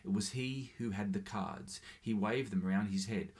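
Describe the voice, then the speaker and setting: A man reading a short story aloud in a steady, measured way. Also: fairly low pitch. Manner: steady, measured, with small slips. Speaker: reader.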